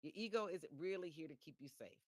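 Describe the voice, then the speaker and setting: A woman's voice: low voice, animated, a little fast, no echo. A woman hosts a motivational live-stream podcast. She talks chattily, circles back on her phrases and restarts often. Her voice sounds dry and close, with little room sound. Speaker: podcast host.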